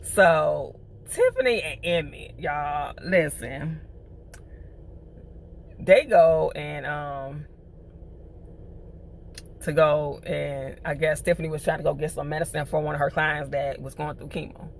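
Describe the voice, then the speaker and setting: Woman reviewer, casual recap, gravelly voice, slangy and animated, faint hum. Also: sits low, slow pace, long pauses. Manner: chatty, animated, uses slang. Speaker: TV show reviewer.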